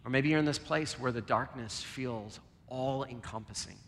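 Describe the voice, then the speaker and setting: A man preaching a sermon and leading a closing prayer, earnest, moving between loud emphasis and a soft near-whisper. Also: mid-range voice, normal speed, slight background noise. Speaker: pastor. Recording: long reverb, soft guitar behind.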